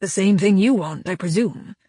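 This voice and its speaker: A woman's voice: mid-range voice, normal speed, warm tone, breathy edge, no room sound, clean studio sound, lightly acted. A woman voicing a stubborn, grumbling male dwarf who runs an underground restaurant, speaking in curt lines.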